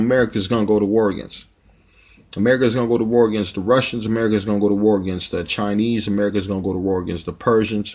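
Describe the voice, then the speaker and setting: Husky-voiced guy preaching, swears a lot, reads bible verses and keeps saying man. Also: mid-range voice. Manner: blunt and profane, ends phrases with "man". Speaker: religious teacher. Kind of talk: profane street preaching with scripture reading.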